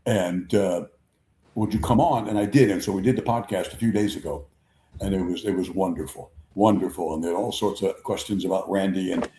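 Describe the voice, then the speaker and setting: A man in his seventies hosting a sports talk show, telling rambling stories with lots of repeats and lively impressions. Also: deep voice, fairly quick. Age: 70s. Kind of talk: conversational storytelling. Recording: echoey room.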